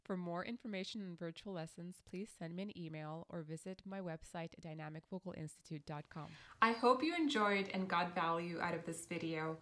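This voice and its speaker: This female singing teacher delivers a vocal lesson to camera, calmly guiding one exercise after another. Her lowish voice runs a little fast, with few pauses.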